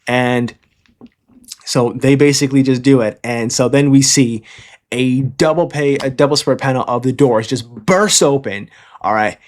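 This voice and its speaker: A man's voice: medium pitch, measured pace. A man casually retelling a comic chapter in a loose, rambling way, often tagging his lines with "all right?". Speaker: manga reviewer.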